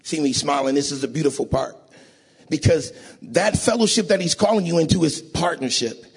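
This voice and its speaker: Gravelly preacher man calling out to congregation. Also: fairly high pitch, moderate pace. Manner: call-and-response, asks audience to agree; emotional, rises to shouting and sing-song. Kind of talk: sermon.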